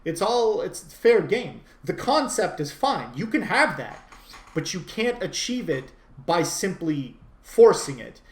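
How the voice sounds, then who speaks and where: A man's voice: high-pitched, sing-song, slow pace, echoey room, a little hiss or hum. A man delivering an opinionated monologue, emphatic and insistent, often repeating and restarting phrases. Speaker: commentator. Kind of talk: unscripted monologue.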